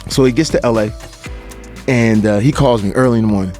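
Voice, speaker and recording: Man telling an animated story. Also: lowish voice, brisk, soft background music. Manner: repeats words, laughs, acts out quoted voices. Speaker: guest.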